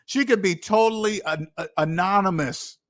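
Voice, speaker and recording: A man's voice: high-pitched, moderate pace, a bit bright. A man hosting a finance channel, ranting casually, incredulous and repeating lines for emphasis. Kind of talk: casual livestream rant.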